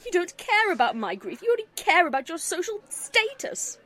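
A woman voicing a grieving young mare musician, weary and bitter, speaking low and subdued. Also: measured pace, husky. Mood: furious.

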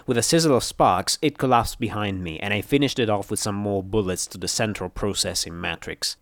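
A man with a low voice reading a first-person adventure story, brisk and earnest in the tense dialogue. The read is close-miked and dry, with no room sound. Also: fairly bright tone, dry recording. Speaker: narrator.

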